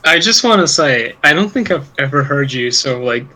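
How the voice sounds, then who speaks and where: A man's voice: medium pitch, expressive, normal speed, pushed and bright, rough recording. A man co-hosting a podcast, rambling in casual chat with lots of swearing and laughter. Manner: rambling, profane, laughs often. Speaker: podcast co-host.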